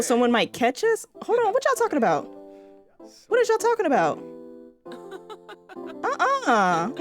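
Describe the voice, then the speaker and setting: A young woman giving casual gameplay commentary, chatty and laughing often as she talks to her viewers. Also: medium pitch. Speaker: gaming video creator.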